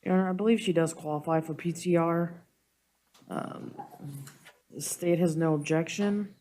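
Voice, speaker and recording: A woman's voice: on the low side, moderate pace, mellow. A woman speaking as prosecutor in a courtroom, careful and a little hesitant. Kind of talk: courtroom proceedings.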